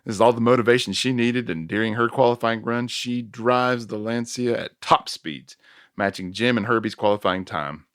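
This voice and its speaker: A man hosting a podcast, casually recapping a movie scene by scene with chuckles and quick self-corrections. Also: mid-range voice, fairly bright tone, no room sound, clean studio sound. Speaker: podcast host recapping a film. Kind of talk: casual plot recap chat.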